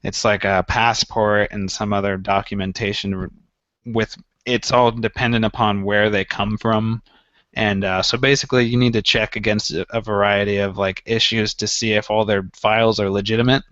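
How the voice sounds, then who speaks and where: A man's voice: on the low side, level tone, moderate pace, a bit bright, no room sound. Rambling man on a gaming podcast. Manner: rambling storyteller, acts out his own past thoughts. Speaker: podcast co-host. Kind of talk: casual gaming podcast chat. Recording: dull, slightly lo-fi dry sound.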